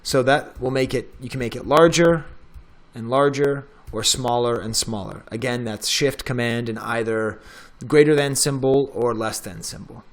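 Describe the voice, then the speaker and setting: A middle-aged man, a professor, walking through a software tutorial in a casual, chatty way as he clicks through the steps. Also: medium pitch, normal speed. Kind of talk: screen-recorded tech tutorial.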